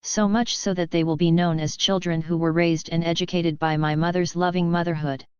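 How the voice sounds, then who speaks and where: A woman reading devotional writings aloud in a slow, even, reverent way. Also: lowish voice, smooth, no echo. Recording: dull lo-fi recording.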